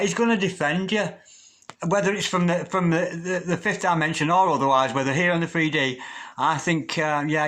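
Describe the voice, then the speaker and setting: A man with a fairly high voice reads tarot cards aloud. He talks gently and gushes over the cards, then sinks into a low repeated chant to call on the spirits. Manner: gentle, gushing, repeats invocations in a lowered chant. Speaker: tarot reader. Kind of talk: tarot reading with spoken invocations.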